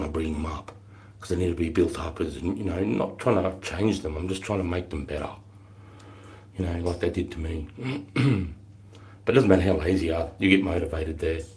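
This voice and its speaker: A middle-aged Australian man, a former army recruit instructor, telling stories casually on a livestream in a blunt, profane way. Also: low voice. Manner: blunt and profane, bursts into shouted drill-sergeant quotes.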